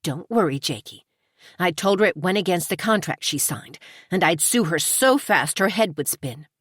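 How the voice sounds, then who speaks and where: A woman's voice: fairly low pitch, expressive, moderate pace, fairly bright tone, husky, dry recording, studio quality. A woman narrator voicing a spoiled, snide young starlet with a haughty, dismissive manner in an audiobook.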